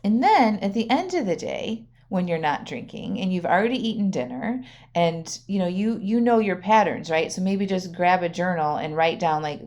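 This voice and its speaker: A woman coach runs her solo podcast in a fairly low, slightly mellow voice with lively intonation at normal speed. She keeps it conversational and direct, often tossing in "right?" or "okay?" and laughing frequently.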